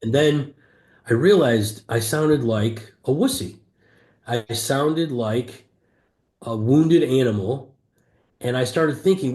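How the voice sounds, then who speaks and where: Man, middle pitch, earnest first-person storytelling, roomy echo on the recording. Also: slow, long pauses, a little mellow. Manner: earnest, emphatic, vivid retelling with frequent restarts. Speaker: entrepreneur guest. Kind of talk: candid personal storytelling in an interview.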